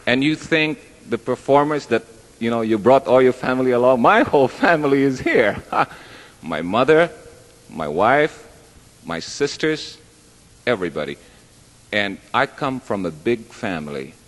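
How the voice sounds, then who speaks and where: With a mid-range, sing-song voice, he tells jokes at a measured pace during a live stand-up show. The large hall holds a live audience, and his chatty, rambling bits are full of self-deprecation. Long hall reverb runs through the recording.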